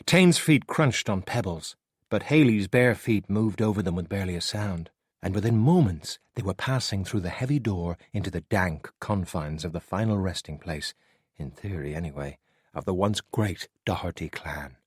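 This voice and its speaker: Husky low-voiced male audiobook narrator. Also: normal speed, no echo, clean studio sound. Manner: expressive, dramatic storytelling. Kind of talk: audiobook reading.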